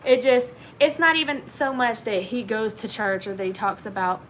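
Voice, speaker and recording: Her voice a little high and animated at a moderate pace, this Southern-accented host from Virginia's Blue Ridge region runs a casual livestream. She chats through viewer comments, reading them aloud with lots of fillers, on a low-quality recording with slight hiss or hum.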